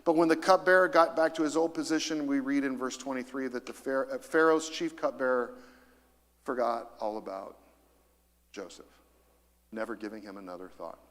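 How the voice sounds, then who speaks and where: A middle-aged man preaching a sermon in a church, lively and emphatic, calling out to the congregation for responses. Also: mid-range voice, moderate pace. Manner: lively, rising to emphasis, calls for audience responses. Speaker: pastor. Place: church auditorium. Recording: long hall reverb.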